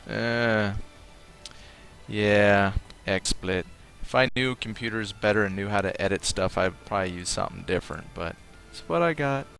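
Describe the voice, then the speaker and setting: A man's voice: fairly low pitch, moderate pace, vocal fry, a bit bright, clean tone, soft background music. A man streaming a game live, chatting casually, thinking aloud and reading out viewers' comments. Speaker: livestream gamer.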